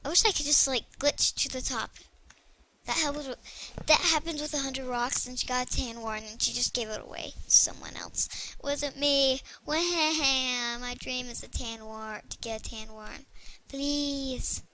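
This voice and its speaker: A young female gaming video creator chatting excitably to herself while she plays. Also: high-pitched, a little slow. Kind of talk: casual gameplay commentary.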